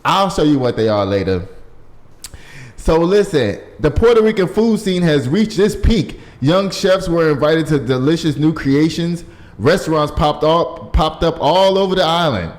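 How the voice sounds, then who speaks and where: A man's voice: fairly high pitch, unhurried. A man hosting a casual news show, reading stories and riffing on them with lots of laughter. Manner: animated, laughing, riffs on stories.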